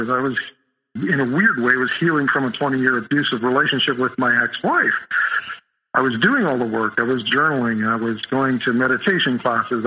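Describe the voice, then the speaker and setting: A man as a podcast guest, telling a personal story in a halting way, with many restarts and fillers. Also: mid-range voice, narrow, tinny audio, slight background noise.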